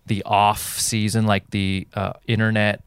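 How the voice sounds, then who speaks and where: A man from Southern California chatting casually as a podcast guest, rambling with halting restarts. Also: lowish voice, level tone, clean tone, no room sound. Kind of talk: casual chat.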